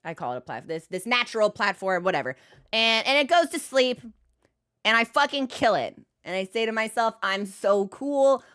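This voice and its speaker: A woman's voice: a little high, animated, brisk, sharp tone, clear, resonant tone. A woman streamer telling a comic story in a casual, profane, exasperated way, exaggerating for laughs.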